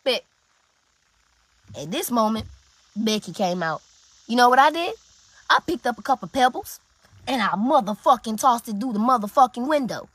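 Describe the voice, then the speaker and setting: A young woman telling a heated story in a rant, swearing often and breaking into loud outbursts. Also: a little high, lively intonation, normal speed, long pauses, slightly rough, no echo.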